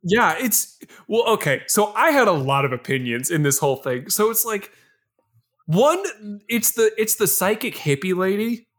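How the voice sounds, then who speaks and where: A man from Georgia co-hosting a casual film-review chat, animated and often laughing in mock outrage. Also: high-pitched, normal speed. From Georgia, USA. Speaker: podcast co-host.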